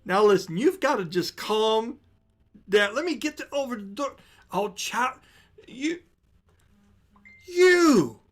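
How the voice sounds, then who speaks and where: Man putting on a loud, brassy innkeeper woman. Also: extremely high pitch, animated, takes it slowly, long pauses, pitched above the performer's own voice, exaggerated voice. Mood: fussing.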